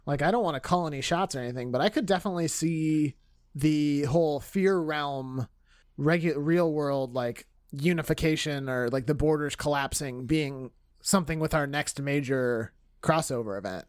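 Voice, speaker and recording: A man co-hosting a podcast in casual chat, playful and quick to swear while riffing on wordplay. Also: on the high side, no echo, clean studio sound. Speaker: podcast co-host.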